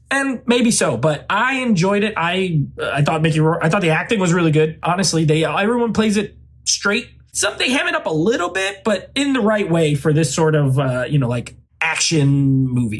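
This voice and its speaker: Guy with a pretty high voice rambling thru a movie review, lots of likes and uhs, super casual. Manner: rambling, loose, heavy on "like" and "uh" fillers. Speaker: movie reviewer, channel host. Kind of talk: casual spoken film review.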